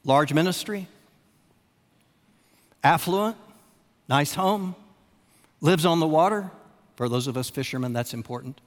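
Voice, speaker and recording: Preacher man in an echoing hall. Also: on the high side. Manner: dramatic, repeats phrases with long pauses, swings from loud emphasis to hushed. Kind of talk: sermon. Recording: long reverb of a large hall.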